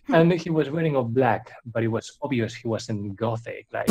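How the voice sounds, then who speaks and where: A man's voice: mid-range voice, expressive, normal speed, few pauses, mellow. Giggly young man reading fan fiction. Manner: giggly, breaks into laughter often. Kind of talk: comedic dramatic reading with commentary.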